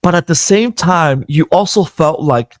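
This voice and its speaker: Unhurried man, dry close sound. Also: on the high side, dry recording. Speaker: near-death experience witness. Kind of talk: earnest testimony.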